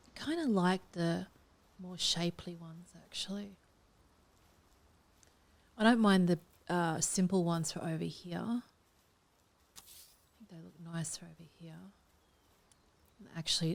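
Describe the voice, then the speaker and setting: A woman's voice: on the low side, expressive, a little slow, creaky, pauses often, darkish tone. A woman talking through a game build, drifting between murmured comments and whispers to herself. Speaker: game build tutorial host. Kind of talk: casual gameplay commentary.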